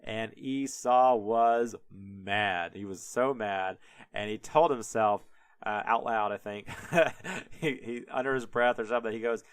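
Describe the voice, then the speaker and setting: Brief: young male podcast host, loose comic retelling, smooth voice, dry close mic. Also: lowish voice, takes it slowly, no room sound. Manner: rambling, full of "like", laughs often.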